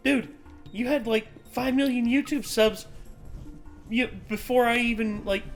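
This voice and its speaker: A man's voice: very high-pitched, fairly even intonation, unhurried, soft background music. A man with a Southern American accent, chatting casually as co-host in a laid-back, slangy way. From Bristol, Virginia, USA. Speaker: co-host reacting to videos. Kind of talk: casual chat.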